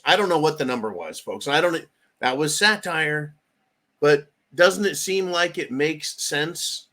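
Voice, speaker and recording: A man's voice: a little high, fairly bright tone. Sarcastic ranting man host. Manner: sarcastic and profane. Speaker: host of a political commentary channel. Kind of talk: ranting political commentary.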